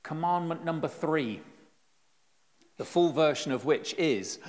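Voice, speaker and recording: A middle-aged man giving a conversational, lively sermon with self-deprecating humor, recorded in a church. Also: on the high side, measured pace, long pauses. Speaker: preacher. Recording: long reverb in a church hall.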